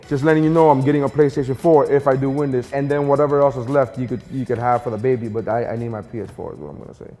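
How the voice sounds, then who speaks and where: A man from Nicaragua chats to the camera in a rapid, joking, offhand manner, his pitch sitting mid-range. Faint music plays underneath. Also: fairly even intonation, dark tone, in a large hall. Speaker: comedian contestant. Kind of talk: casual interview confessional.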